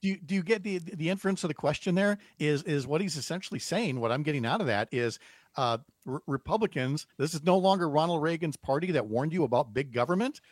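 A man's voice: fairly high pitch, expressive, fast talker, no room sound. A man speaking as a radio panelist, making pointed and sarcastic remarks.

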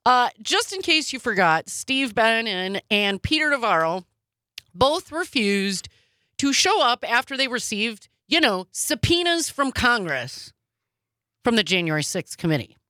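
A woman co-hosting a casual news chat, sarcastic and quick with asides. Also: on the high side, big pitch swings, pushed and bright, dry recording, clean studio sound. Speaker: podcast co-host.

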